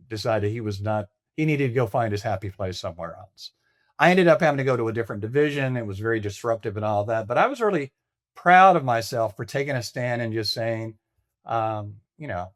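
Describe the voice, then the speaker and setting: An older man recounts stories in a candid, anecdotal way, pausing on fillers and restarting sentences. His voice sits in an ordinary mid pitch and sounds dry and close, with no room sound around it. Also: no echo. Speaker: interview guest, leadership coach. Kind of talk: conversational storytelling.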